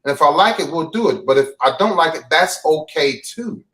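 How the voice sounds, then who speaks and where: A man with a somewhat high voice talking openly about himself as an interview guest. He speaks bluntly and reflectively, restarting and repeating phrases, and his voice sounds a bit distant from the microphone. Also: lively intonation, fairly quick, pushed and bright. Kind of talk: candid confessional talk.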